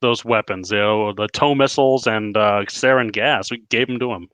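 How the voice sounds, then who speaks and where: Podcast guest, man, lowish pitch, bright forceful tone, long plot-recounting turns. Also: normal speed, clean tone, no echo. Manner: talks in long, plot-recounting stretches with fillers. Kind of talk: casual movie review chat.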